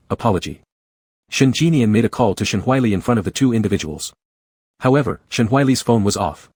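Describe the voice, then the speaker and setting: Low husky male narrator. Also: a little mellow, dry recording. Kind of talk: scripted audiobook narration.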